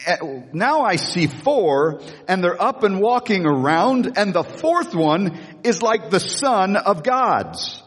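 A man preacher voicing an angry, boastful ancient king with a husky voice, in slow, raised exclamations, with the long echo of a church hall. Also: high voice, animated, a bit bright, voice pushed up, exaggerated voice. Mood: astonished.

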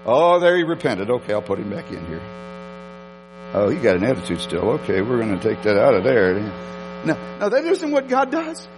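A man preaching a sermon, telling a story with emphatic repetitions and animated delivery. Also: medium pitch, normal speed, in a large hall, background noise. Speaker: pastor.

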